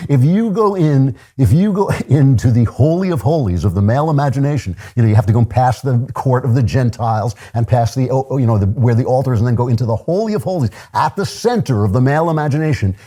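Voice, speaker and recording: An older man with a medium-pitched, dark voice hosts a political commentary show. He delivers a sardonic, opinionated monologue, punctuated by chuckling asides.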